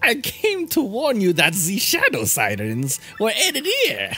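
Grand mock-French gentleman, slow and lofty, voiced by a woman. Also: mid-range voice, wildly swooping pitch, breathy edge, faint music behind, voice pushed up, exaggerated voice. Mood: grandiose. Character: dramatic middle-aged man with fake French accent.

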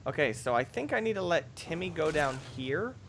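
A young man giving excitable, jokey commentary over a video game, bursting into shrieks and yells. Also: on the high side, normal speed, a little hiss or hum. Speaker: gameplay commentator. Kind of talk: let's play commentary.

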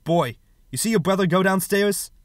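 A man's voice: mid-range voice, normal speed, fairly bright tone, dry recording, studio quality, close to an everyday voice. A man voicing an angry, stern father, questioning harshly and scolding. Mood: accusing.

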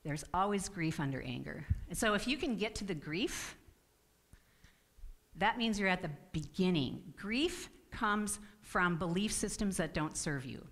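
A middle-aged woman speaks to a spiritual community in a low-pitched voice. She is earnest and personal, and she often stops mid-sentence to restart her thought. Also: fairly bright tone. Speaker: guest speaker. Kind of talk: spiritual talk.

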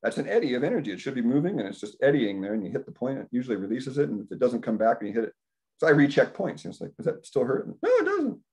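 Rapid-fire and casual, a fifty-something health practitioner rambles through stories at a community dinner held indoors. When recounting his own thoughts, he acts them out in a higher voice with animation.

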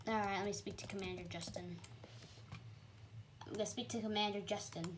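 A young woman giving chatty, excitable commentary while playing a computer game, with sudden high squeals. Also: fairly quick, background noise. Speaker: gamer. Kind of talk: casual gameplay commentary.

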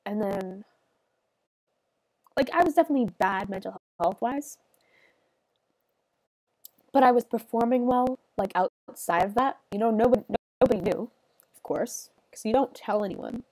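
A young adult woman chatting on a livestream while she plays, soft and halting with many fillers, tearful and sniffly. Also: a little high, expressive, no room sound. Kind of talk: casual stream chat while gaming.

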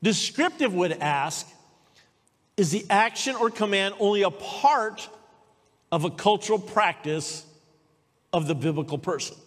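A woman's voice: mid-range voice, measured pace, long pauses. A woman preaches a sermon in a church sanctuary. She tells stories energetically and keeps calling out for amens. Her voice rings with the long reverb of the hall. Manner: lively storytelling, calls for amens.

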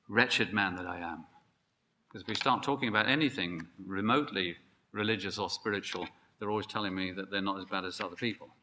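A man preaching a sermon, emphatic and building to excited peaks. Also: lowish voice. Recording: long hall reverb.

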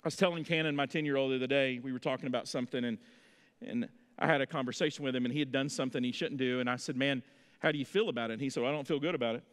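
A man in his thirties preaching a sermon in a church, telling folksy stories with lively energy. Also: medium pitch, racing, in a large hall. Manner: folksy storytelling, animated. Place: church sanctuary.

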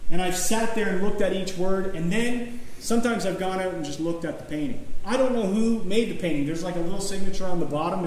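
A man's voice: a little high, darkish tone, a little hiss or hum. A man preaching a sermon as pastor, in a conversational, folksy way with restarts and chuckles. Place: church sanctuary. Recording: very echoey church room, faint ambience.

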